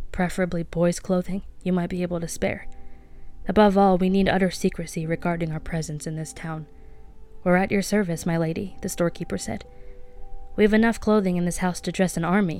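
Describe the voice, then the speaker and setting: A woman with a low, smooth voice reads a novel aloud in a soft-spoken way, giving the characters light touches of voice. Quiet music plays faintly behind her. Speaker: audiobook reader.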